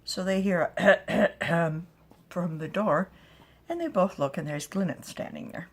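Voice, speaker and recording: A woman's voice: lowish voice, slow pace. A woman telling a story aloud in a chatty, casual way with asides to listeners.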